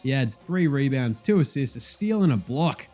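A man hosting a casual sports podcast, rambling fast and swearing freely. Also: medium pitch, faint music behind. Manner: animated, profane, fast rambling. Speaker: podcast host.

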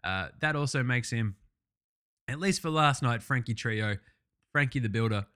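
A man hosting a casual sports recap, ranting excitably and swearing a lot. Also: mid-range voice, moderate pace. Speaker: podcast host.

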